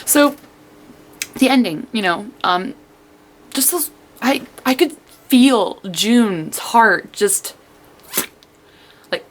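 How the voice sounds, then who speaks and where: Excitable young woman gushing about a book. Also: fairly high pitch, extremely slow, pauses often. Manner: excitable, rambling, full of "like"; acts out her own reactions in quotes. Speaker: book reviewer. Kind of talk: casual book review vlog.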